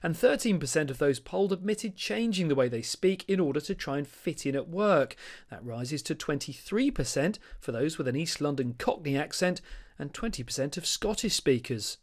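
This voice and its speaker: A man reporting a news package in a measured, scripted narration. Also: a little high, lively intonation.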